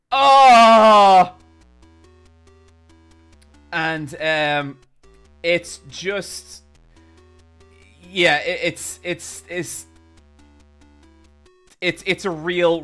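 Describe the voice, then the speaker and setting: A young man with a high, bright voice tells a long, rambling story to his stream chat, swearing freely and sounding exasperated. Soft music plays behind him. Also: very slow, long pauses.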